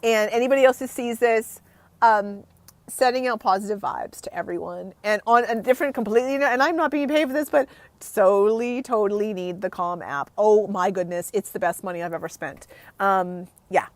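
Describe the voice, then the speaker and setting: A woman in her thirties vlogs in an unedited, casual chat, speaking frankly and rambling with some swearing while emotional and on the verge of tears. Her voice is medium-pitched at a moderate pace, with no echo.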